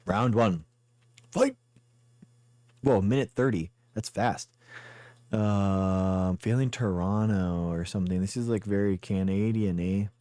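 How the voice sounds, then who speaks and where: A man's voice: lowish voice, takes it slowly, pauses often, warm tone, no echo. A man streaming a guessing game live, rambling and thinking aloud as he plays. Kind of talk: casual live game commentary.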